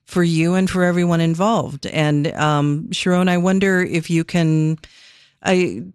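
Radio host, gentle, measured delivery, dry studio sound. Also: medium pitch, steady tone, clear, resonant tone, no echo. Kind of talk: call-in radio hosting.

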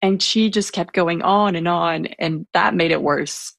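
A soft-spoken woman recounts a story in a casual interview, her voice low-pitched and husky with a gravelly edge. She hesitates, restarts and leans on fillers, and the recording is close and dry. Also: a little slow, no echo. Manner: self-described introvert. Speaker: guest telling a personal story.

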